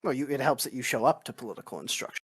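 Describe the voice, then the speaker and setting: A man's voice: medium pitch, lively intonation, very fast, husky. A man playing a stern male political officer in a tabletop role-play, speaking formally and lecturing his comrades. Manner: formal, pedantic, debating. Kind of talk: in-character role-play chat.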